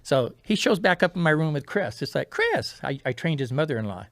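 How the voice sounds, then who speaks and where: A man, a guest on a talk show, tells a personal story in a lively way, acting out the other people's lines and dropping to a hush at key moments. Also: on the high side, fast talker, no room sound, studio quality. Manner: animated, acts out quoted dialogue; drops to a quiet, hushed tone at key moments. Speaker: podcast guest. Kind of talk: storytelling in casual interview.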